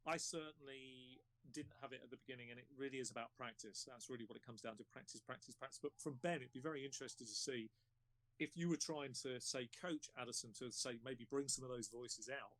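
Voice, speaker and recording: A man hosting a casual panel chat about running games, talking in an encouraging, unhurried way. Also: medium pitch, fairly even intonation, fairly bright tone. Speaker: panel host.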